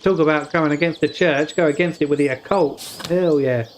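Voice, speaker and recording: A man's voice: on the high side, fairly quick, slight background noise. A young man from the UK streaming a story game, reading its text aloud and stumbling over hard words with joking asides. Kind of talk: casual let's-play commentary, reading game text aloud.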